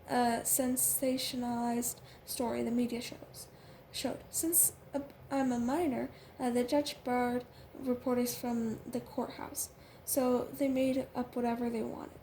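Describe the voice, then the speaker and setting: A woman reading a first-person novel aloud, halting often with fillers and restarts. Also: fairly high pitch, fairly even intonation, mellow, a little hiss or hum. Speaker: audiobook reader.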